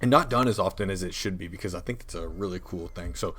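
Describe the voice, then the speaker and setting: A relaxed man talking through game-master tips on a home podcast mic. His voice sits a little low, and he rambles loosely, laughing easily between thoughts. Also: quick pace, breathy edge. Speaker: podcast co-host. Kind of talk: casual chat about tabletop games.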